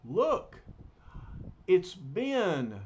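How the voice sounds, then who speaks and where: A man voicing a gentle, caring young woman with a soothing manner, in a muffled lo-fi recording. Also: a little high, very animated, a little slow. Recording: muffled lo-fi recording, faint hiss.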